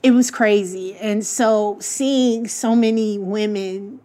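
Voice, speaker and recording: A middle-aged woman, a guest sharing an emotional, lively personal story on a talk show and quoting the people in it. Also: mid-range voice, slow. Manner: emotional, lively storytelling with voiced quotes of her late husband. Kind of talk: casual heartfelt talk show conversation.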